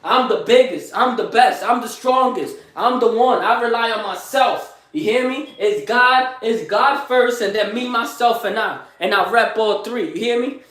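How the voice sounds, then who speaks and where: A young adult motivational vlogger with a strikingly high, fairly bright voice hypes himself up on a live vlog, boasting in street slang at a moderate pace with few pauses. He repeats lines over and over and keeps asking listeners questions, his voice ringing in an echoey room.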